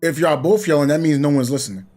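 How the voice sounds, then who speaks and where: A man's voice: on the high side, quick pace, a little mellow. A young man, a gaming channel host, talking casually and reflectively while he plays, rambling and chuckling between points. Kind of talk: casual talk while playing a game.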